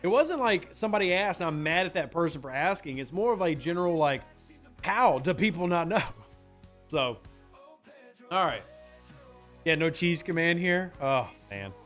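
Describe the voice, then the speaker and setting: A man's voice: fairly high pitch, animated, normal speed, a bit bright, soft background music. A man streaming a game live, chatting casually and answering his viewers' messages. He is from the United States.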